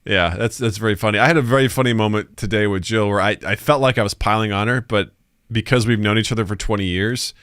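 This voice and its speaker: A man's voice: fairly low pitch, quick pace, clean tone, no echo, clean studio sound. A man co-hosting a podcast in casual chat, telling stories and acting out voices, laughing often. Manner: animated storyteller, acts out voices, laughs often. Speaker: podcast co-host.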